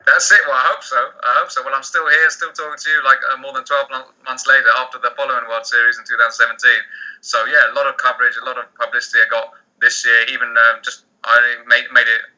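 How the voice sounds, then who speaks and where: A man, a poker player, answering interview questions in a rapid, animated way with many restarts. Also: medium pitch, highs cut off.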